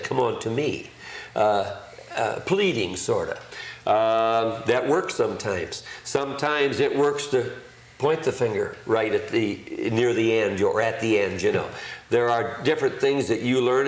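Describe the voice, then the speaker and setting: An older man, an auctioneer, recalling his career in a plain-spoken, hesitant way during an interview. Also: mid-range voice. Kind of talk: recollecting in conversation. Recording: roomy echo.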